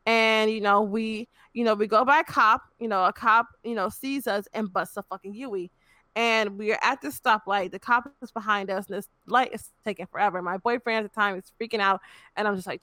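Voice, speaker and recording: Young woman, frank storyteller, bright tone, dry recording. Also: mid-range voice, fairly even intonation, a little fast, dry recording. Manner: frank, profane, fillers like "you know". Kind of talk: casual chat, personal story.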